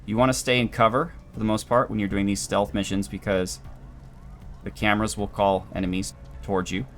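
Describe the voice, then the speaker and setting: A man giving calm, dry, explanatory commentary while playing a video game. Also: fairly low pitch, brisk. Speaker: gameplay commentator. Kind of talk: let's play commentary.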